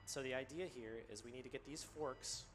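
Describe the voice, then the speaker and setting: A man commentating live on his own speedrun, explaining the game in a relaxed way with many ums and uhs. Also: mid-range voice, fairly quick, a crowd in the background. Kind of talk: live commentary while playing.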